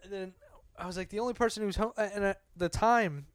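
A man's voice: sits high, a little fast, smooth, no room sound, clean studio sound. A young man telling a ranting story in casual chat, exasperated and swearing, acting out what others said. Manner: exasperated, swearing, acts out quotes.

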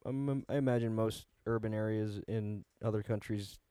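A man's voice: on the low side, steady tone, moderate pace, mellow, smooth, no room sound, clean studio sound. A man in casual chat, playful and teasing, laughing often.

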